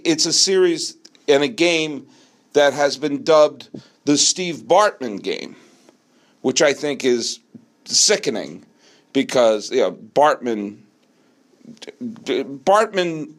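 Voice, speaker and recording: A middle-aged man hosts a solo sports talk show, arguing his case with animated conviction. His voice sits a bit high for a man. He talks at an unhurried, deliberate pace and drags out words for emphasis. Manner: animated, argumentative, slows down for emphasis. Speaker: podcast host. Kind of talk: solo sports talk, answering a listener question.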